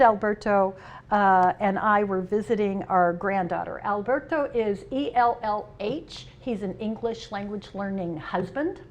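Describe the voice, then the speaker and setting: A middle-aged woman speaks at a conference, with a fairly high voice. She is humorous and expressive, swinging between loud, playful asides and quieter serious points. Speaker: union president giving a keynote. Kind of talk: conference speech with personal stories. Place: conference hall.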